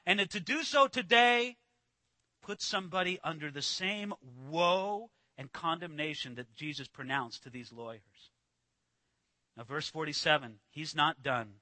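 A man preaching a sermon, swinging from loud emphatic declarations to hushed, low passages, and acting out quoted lines. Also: measured pace, dry recording. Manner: dramatic swings from shouting to near-whisper; acts out quoted voices with emphasis. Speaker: pastor.

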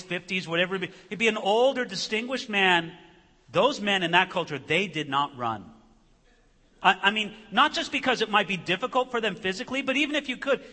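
A man's voice: high-pitched, pushed and bright. A man preaching a sermon, retelling a story with dramatic flair and acting out the characters' voices. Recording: long reverb of a large hall.

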